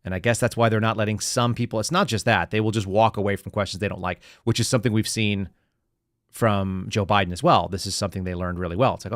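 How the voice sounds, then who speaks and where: An American man hosts a political commentary podcast, speaking sarcastically to his live chat. His voice is lowish and steady, and he talks fast; the audio is studio quality with no echo.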